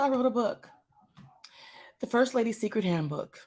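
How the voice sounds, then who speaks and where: A woman tells a testimony to her church audience in a lively voice that rises and falls widely. She is animated and speaks straight to her listeners, repeating phrases for emphasis. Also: fairly high pitch, normal speed, pauses often. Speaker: church first lady hosting a live show.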